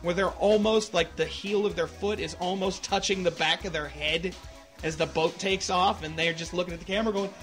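A man's voice: high-pitched, steady tone, a little fast, a bit bright, faint music behind. A married man co-hosting a podcast, chatting loosely and cursing freely between laughs. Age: adult, married. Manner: profane, laughing, loose banter. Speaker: podcast co-host. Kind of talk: casual podcast chat.

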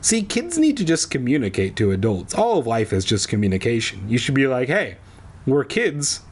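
A man's voice: medium pitch, sing-song, a little fast, a little mellow, slightly rough. A man reading a children's book aloud and breaking off for wry, crude jokes. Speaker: reader.

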